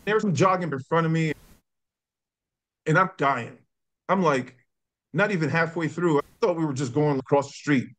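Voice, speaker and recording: Casting note: middle-aged New man, slightly higher voice, a lively guest who acts out the lines of the people in his stories. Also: moderate pace, pauses often. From New York. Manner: animated storyteller who acts out quotes. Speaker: guest, former college football player. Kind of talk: casual storytelling.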